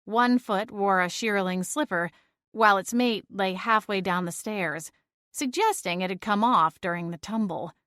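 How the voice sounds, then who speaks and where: An audiobook narrator, a woman, reads a scripted first-person story in a steady, measured storytelling voice. Her voice is mid-range, and the recording is dry and of studio quality.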